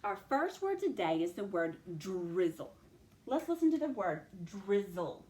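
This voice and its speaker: Woman teacher, clear and methodical, speaking to students in a roomy space. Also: medium pitch, very animated, normal speed, a little mellow, slight background noise. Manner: clear, step-by-step instructional delivery, addressing students directly. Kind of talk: recorded classroom phonics lesson. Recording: roomy echo.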